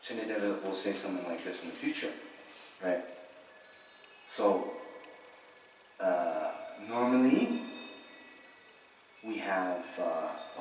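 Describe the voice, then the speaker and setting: A man's voice: deep voice, slow, pauses often. A man giving a casual Buddhist dharma talk, chatty and joking, with many asides and fillers. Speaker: Buddhist teacher. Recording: very echoey hall, distant mic, noisy.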